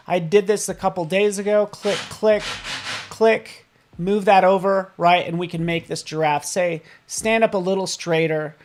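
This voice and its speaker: Upbeat, playful man teaching design software. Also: sits high. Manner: upbeat and playful, keeps checking in with "right?"; tosses in silly sound effects. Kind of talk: live streamed software tutorial.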